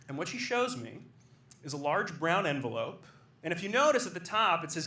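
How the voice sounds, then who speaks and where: A young man tells a comic story live on a club stage, his voice high and swinging widely in pitch. His tone is bright and forward, and he rises into excited bursts. The room gives a noticeable echo, with faint noise underneath. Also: moderate pace. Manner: animated, rising to excited bursts. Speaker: stand-up storyteller. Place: comedy club stage with audience.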